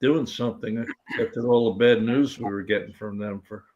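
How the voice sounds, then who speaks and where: A man's voice: on the low side, steady tone, normal speed, a little mellow, muffled recording. A man with a Tennessee drawl co-hosting a livestream in a casual chat, making dry joking asides. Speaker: co-host.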